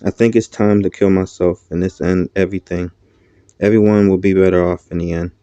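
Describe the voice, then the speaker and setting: Male audiobook narrator; somber, dark, dry voice. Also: deep voice, fairly even intonation, brisk, smooth, no echo, highs cut off. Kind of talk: first-person audiobook narration.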